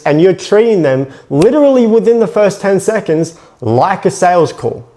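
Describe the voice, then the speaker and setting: A man's voice: a little high, a little mellow. A man coaching sales in a blunt, profane, emphatic monologue.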